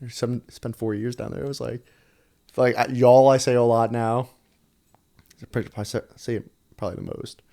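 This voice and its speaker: A young man with a New York accent, a podcast guest telling stories in casual, animated chat with lots of swearing. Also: medium pitch, creaky. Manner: rapid, animated storytelling with frequent swearing and laughter.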